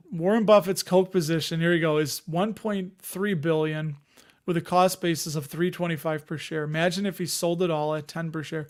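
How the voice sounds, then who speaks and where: Rambling high-voiced man chatting live. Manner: rambling, conversational, reads chat comments aloud. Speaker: host of a dividend investing live stream. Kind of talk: casual live-stream chat.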